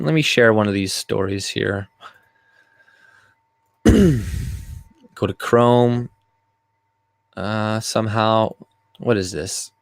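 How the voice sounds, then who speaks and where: A man with a fairly low voice talks through news stories in a loose, rambling way. He swears a lot and reads articles aloud between his comments. The recording is dry, with almost no room sound. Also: clear, resonant tone, no room sound. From Canada. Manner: rambling and profane, with frequent fillers and laughs. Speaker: video commentator. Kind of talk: casual reaction commentary, reading articles aloud.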